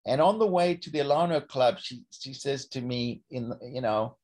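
An older man from South Africa telling a personal recovery story, halting often and repeating words as he restarts his sentences. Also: mid-range voice, darkish tone. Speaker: speaker sharing a recovery story.

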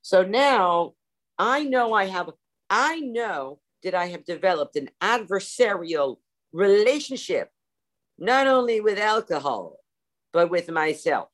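A woman's voice: medium pitch, big pitch swings, slow pace. A woman telling her recovery story at a meeting over a video call, theatrical and self-mocking. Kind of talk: personal storytelling talk.

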